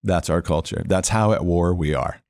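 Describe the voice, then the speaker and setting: Deep-voiced man telling a story. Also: moderate pace, vocal fry, no room sound, clean studio sound. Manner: animated storyteller, acts out quoted voices. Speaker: podcast guest, former police officer. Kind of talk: storytelling testimony.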